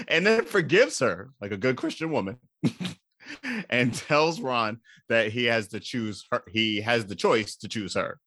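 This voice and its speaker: Man, comedic movie recap, laughs a lot, bright tone, dry close recording. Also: dry recording. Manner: animated, laughing, jumps into high-pitched outbursts. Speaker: podcast co-host recapping a movie.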